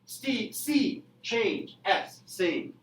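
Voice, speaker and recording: A young man teaching a high school math class in a classroom, playful and jokey in manner. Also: expressive, drawn-out words, a little hiss or hum, poor audio. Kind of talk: classroom lecture.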